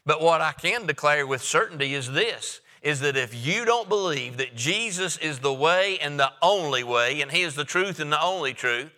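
Male pastor, emphatic, repetitive preaching, very bright tone, long church-hall reverb. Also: on the high side, expressive, normal speed, few pauses. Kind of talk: sermon.

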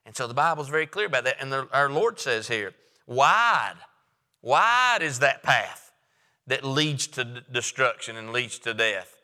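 Emphatic preaching man with a bright voice. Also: medium pitch, sing-song, measured pace, big-room sound. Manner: emphatic, repetitive preaching with frequent "uh" fillers. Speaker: pastor. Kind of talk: sermon.

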